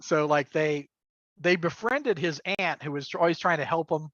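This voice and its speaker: A man's voice: on the high side, moderate pace, a bit bright, no echo. Rambling middle-aged man, dull lo-fi sound. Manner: rambling, many fillers, laughs often. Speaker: guest, game master and crafter. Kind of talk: casual livestream chat.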